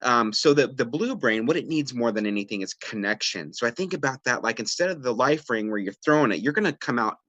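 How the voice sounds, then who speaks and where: A man presenting a parenting webinar in a relaxed, conversational way, often checking in with "right?" and acting out what people say. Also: mid-range voice, fairly quick, few pauses, no echo, lo-fi sound. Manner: conversational, frequent "right?" and fillers, acts out quoted lines. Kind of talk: casual explanatory teaching. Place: home or office, video webinar.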